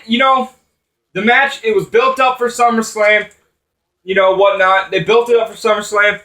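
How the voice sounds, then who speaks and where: A man's voice: high voice, sharp tone, echoey room, far from the mic. Angry swearing man ranting off-mic. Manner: swearing, frustrated, rambling with restarts. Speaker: wrestling commentator vlogger. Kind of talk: angry profane rant.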